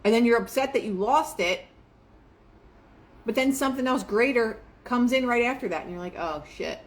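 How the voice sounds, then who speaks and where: A woman's voice: fairly high pitch, moderate pace. Chatty woman hosting motivational talk. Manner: chatty, filler-heavy, quotes herself and others in lively asides. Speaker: manifestation show host.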